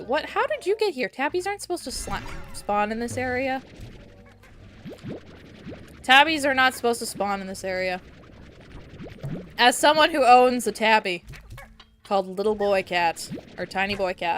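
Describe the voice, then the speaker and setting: A woman streaming a game, chatting casually and getting excited easily, with giggles. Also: medium pitch. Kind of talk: casual gameplay stream chat.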